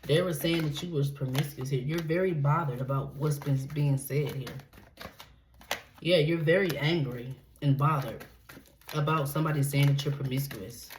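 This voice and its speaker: A woman's voice: low-pitched, moderate pace. A woman giving a tarot reading, blunt and profane, checking in with "okay?" after nearly every point. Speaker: tarot reader. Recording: echoey room with steady background noise.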